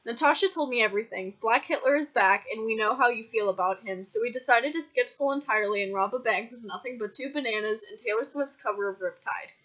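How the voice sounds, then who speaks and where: Woman voicing a squeaky bossy fairy, lo-fi sound. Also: fairly quick, hardly any pauses, fairly bright tone. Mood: cheeky. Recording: dull lo-fi recording.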